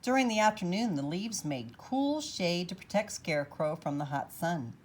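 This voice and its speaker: A woman reading a children's storybook aloud in an expressive, animated way. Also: fairly low pitch, normal speed. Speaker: children's book reader.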